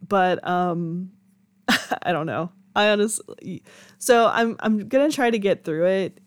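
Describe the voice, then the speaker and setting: A woman's voice: mid-range voice, slow, no room sound, studio quality. A young woman hosting her own podcast, chatting candidly with frequent laughs and casual swearing. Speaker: podcast host. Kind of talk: casual solo podcast chat.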